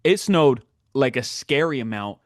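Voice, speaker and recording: In clean, dry studio audio, a podcast host with a medium-pitched voice talks a little slowly. He chats casually and tells stories, animatedly acting out anyone he quotes.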